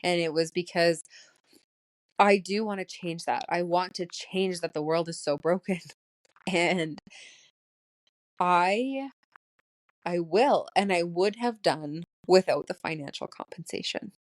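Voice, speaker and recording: A woman in her late thirties hosts a solo spiritual podcast in a lowish voice, speaking slowly with long pauses on a dry recording. She is emotional and laughs often, her voice shaking as she holds back tears.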